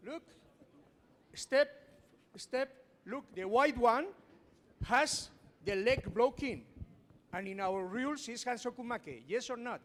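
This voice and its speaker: A man's voice: very high-pitched, lively intonation, slow, long pauses. A man presenting at a seminar, talking earnestly with non-native phrasing and a lot of repetition, to an audience in a large hall. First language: not English. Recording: echoey hall with background noise.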